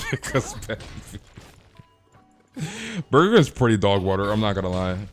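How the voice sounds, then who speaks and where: A man's voice: on the low side, expressive, moderate pace, faint music behind. A man chatting casually on a live game stream, ranting animatedly and peppering his talk with "freaking" and "dude".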